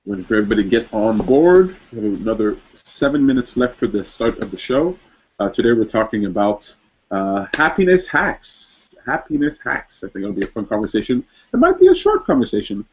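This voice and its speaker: Setting up his livestream, this male host chats in a rambling way full of fillers. His lowish voice is animated and a little quick, with slight background noise over dull lo-fi stream audio.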